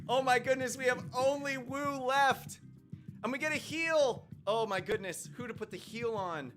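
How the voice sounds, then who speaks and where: A man hosting gameplay commentary who goes from calm explaining to loud shouting and cheering. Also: sits high. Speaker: YouTube game host. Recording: music playing behind the voice.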